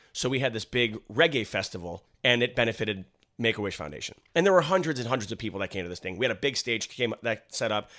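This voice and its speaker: A young man co-hosting a podcast, telling a story in casual chat with an animated, laughing delivery. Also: medium pitch. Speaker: podcast co-host.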